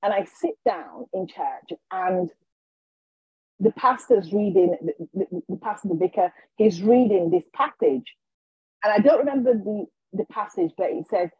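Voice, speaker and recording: A husky woman tells a personal story as a podcast guest. She acts out what people said and trips into restarts along the way. The sound is dry and a little dull. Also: medium pitch, brisk, no room sound. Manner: animated, acts out quotes, frequent restarts. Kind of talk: casual storytelling in an interview.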